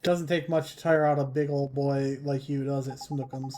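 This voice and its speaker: A man's voice: mid-range voice, fairly even intonation, moderate pace, dark tone, close to an everyday voice. A man voicing a fussy older woman who coos over her cat in a sweetly doting way. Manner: cooing, fussing, sweetly doting.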